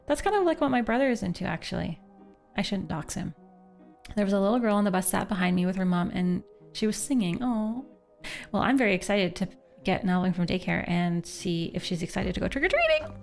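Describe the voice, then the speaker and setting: A woman's voice: medium pitch, big pitch swings, brisk, creaky, darkish tone. A young woman from Canada, a livestreamer and parent, chatting casually with her chat in a rambling way, full of fillers and restarts. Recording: faint music behind voice.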